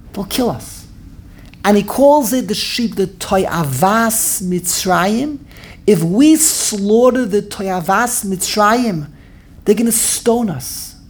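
A woman giving an animated Torah class on the weekly portion, acting out the dialogue in quick back-and-forth voices and repeating her phrases for emphasis. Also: mid-range voice. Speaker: Torah teacher.

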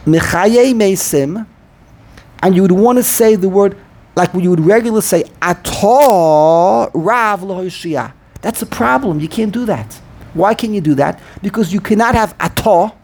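A man's voice: high-pitched, a little mellow, husky. A man teaching a Hebrew pronunciation lesson, often repeating himself and drawing out chanted example phrases. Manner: repeats words, self-correcting, drawn-out chanted pronunciations. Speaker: Torah teacher.

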